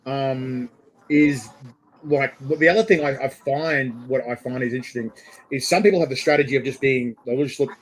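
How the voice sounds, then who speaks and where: A man interviewing a guest in casual chat, telling animated stories and acting out the quotes. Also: mid-range voice, moderate pace, poor audio. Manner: animated storyteller, acts out quotes with big laughs.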